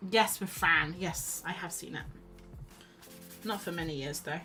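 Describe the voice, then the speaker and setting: This woman streams her painting with loud music behind her, talking in a lowish, unhurried voice. She's chatty, wanders from topic to topic, and runs herself down, all captured in a rough recording.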